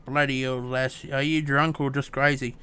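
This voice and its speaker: A man putting on a pirate accent, playing a rough, gloomy pirate sailor in a game. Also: mid-range voice, little pitch movement, moderate pace, sharp tone, close to an everyday voice. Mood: gruff. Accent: put-on pirate accent.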